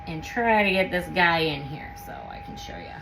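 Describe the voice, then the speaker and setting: A woman hosting a home canning video, chatting casually through a how-to demonstration in her kitchen and gushing with excitement as she works. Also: on the low side, normal speed, noisy background. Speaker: home canning channel host.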